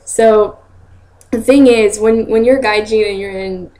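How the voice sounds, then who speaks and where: A young woman telling stories in a casual vlog, chatty and quick to laugh, acting out other people's lines in a higher voice. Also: fairly even intonation, warm tone. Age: young adult. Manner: chatty, laughs often, acts out quotes in high voices. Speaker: vlogger.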